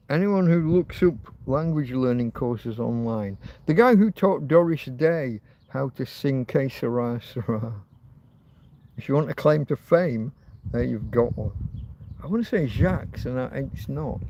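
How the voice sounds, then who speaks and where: A man's voice: mid-range voice, a little mellow. A man hosting a livestream, chatting in a rambling, casual way, thinking aloud with frequent ums and false starts. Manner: meandering, thinks aloud with many ums and restarts. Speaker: livestream host. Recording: faint background noise.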